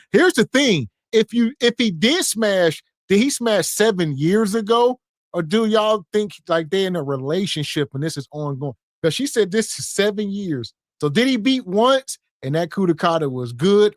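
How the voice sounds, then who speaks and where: A man's voice: high voice, animated, normal speed, no room sound, clean studio sound. A man co-hosting a podcast, joking crudely while reacting to a clip. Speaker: podcast co-host. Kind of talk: casual reaction commentary.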